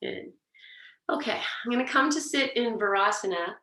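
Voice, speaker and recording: A woman teaching a yoga class, giving gentle, encouraging, relaxed cues as she demonstrates the poses. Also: a little high, normal speed. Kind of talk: guided yoga class instruction. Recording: echoey room, mic far off.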